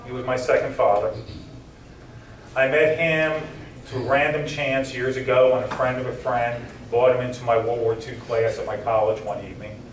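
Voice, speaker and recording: A man's voice: mid-range voice, fairly even intonation, normal speed, a little hiss or hum. A man gives a heartfelt banquet keynote in a mid-range voice. His voice sinks and catches as the stories turn tender. The sound is roomy and comes from well back in the hall, with a faint murmur of room ambience behind him. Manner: heartfelt, voice drops and chokes up at tender moments. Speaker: keynote speaker. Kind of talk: emotional personal speech. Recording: roomy hall recording from a distance.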